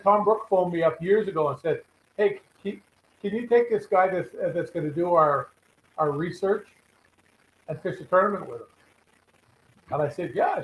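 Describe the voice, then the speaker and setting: A man's voice: on the high side, echoey room, slight background noise, rough recording. A man, a regular guest on a live fishing show, telling rambling anecdotes full of quoted dialogue. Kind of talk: casual storytelling chat.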